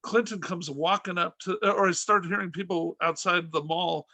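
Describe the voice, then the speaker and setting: A middle-aged man with a high, bright voice tells comic stories as a podcast host, rambling with restarts and acting out the people he quotes. The sound is close and dry, with no room around it. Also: fairly even intonation, normal speed, creaky, no echo. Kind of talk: casual comic storytelling.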